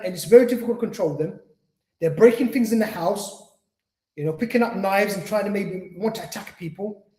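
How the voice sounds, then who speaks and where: A man's voice: sits high, mellow. A man teaching a lecture at an Islamic centre, talking earnestly, repeating his points and acting out what patients say. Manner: repetitive, earnest, acts out quoted patients. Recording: roomy echo.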